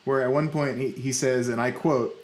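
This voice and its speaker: A man co-hosting a podcast, chatting in an animated way and laughing often. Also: medium pitch, normal speed. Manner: animated, laughing, quotes lines in a mocking voice. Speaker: podcast co-host. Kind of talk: casual chat.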